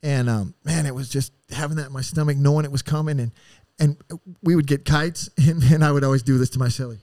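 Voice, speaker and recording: A man telling rough stories as a podcast guest, casual and full of swearing, rambling and acting out what people said. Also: mid-range voice, fairly even intonation, fast talker, a little mellow, no echo, clean studio sound. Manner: profane, rambling, acts out quotes. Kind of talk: casual storytelling.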